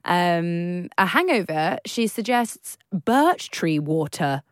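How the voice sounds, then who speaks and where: A young adult woman co-hosting a podcast in casual chat, lively and quick to laugh, sometimes slipping into playful put-on voices. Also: on the low side, no room sound, studio quality. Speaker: podcast co-host.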